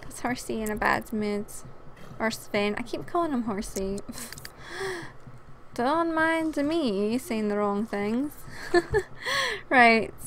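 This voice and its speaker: A woman's voice: sits high, a bit bright, slight background noise. A woman hosting a casual let's play, chatting and giggling as she talks to the game characters, sounding tired. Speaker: gaming channel host.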